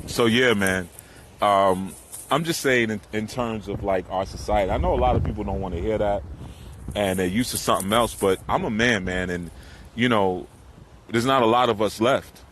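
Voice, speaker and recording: A man's voice: fairly low pitch, moderate pace. A middle-aged man talking loosely outdoors by the water in a rambling way, with profanity, as a spiritual teacher. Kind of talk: casual outdoor monologue. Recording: windy outdoor noise.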